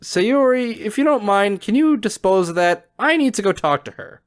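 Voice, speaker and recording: Worried young woman, urgent and upset, voice pitched well up, a man voicing her. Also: animated, moderate pace.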